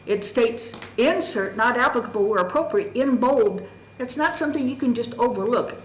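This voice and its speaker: Reading from documents, a woman presents a candidacy challenge to a county board, her formal testimony methodical and emphatic. Her pitch is fairly high. The low-quality recording from the county meeting room sounds roomy, with slight background noise.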